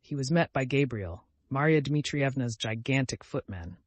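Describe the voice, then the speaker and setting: Guy narrating a classic novel, mid pitch, super dry close mic. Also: lively intonation, moderate pace, no echo. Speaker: audiobook narrator. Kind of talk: scripted narration.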